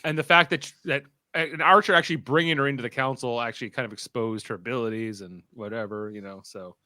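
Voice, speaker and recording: A man's voice: medium pitch, fast, sharp tone, no echo. A man co-hosting a podcast, casually recapping an episode and acting out characters' lines as he goes. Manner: retells scenes and acts out characters' lines. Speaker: podcast co-host.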